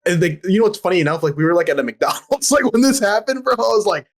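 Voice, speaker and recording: A man's voice: high voice, sing-song, fast talker. A young man telling a story as a guest on a casual podcast, rambling with lots of filler words and slang.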